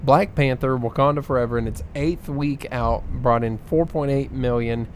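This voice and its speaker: A man's voice: medium pitch, moderate pace, slight background noise. A man co-hosting a casual podcast, running through figures with plenty of ums and uhs. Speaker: podcast co-host reading box office numbers. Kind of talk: casual chat.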